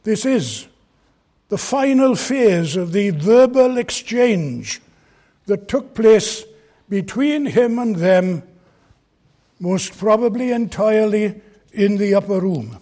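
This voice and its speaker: A man's voice: high voice, animated, slow pace, mellow. A man preaching an expository sermon from a pulpit, earnest and emphatic as he explains a Bible passage. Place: church pulpit.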